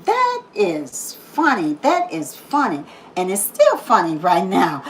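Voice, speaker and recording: A woman hosting a daily positive-message video, talking casually, laughing often and repeating phrases for emphasis, then softening into slow prayer. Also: a little high, wildly swooping pitch, creaky, slight background noise, poor audio. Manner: drops to a soft, slow prayerful tone. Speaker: YouTube host giving a daily positive message. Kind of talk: casual inspirational monologue.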